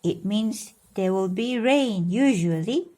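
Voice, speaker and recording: Slow storybook-reading woman. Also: medium pitch, animated. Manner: warm, coaxing, explains and asks children questions. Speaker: godmother reading to children. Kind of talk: reading a storybook aloud to children.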